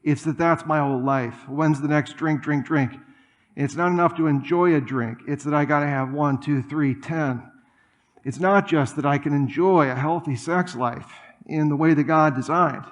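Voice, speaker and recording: A man preaching a sermon in a church, conversational and animated, with asides and humor. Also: on the high side, moderate pace. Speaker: pastor. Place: church auditorium.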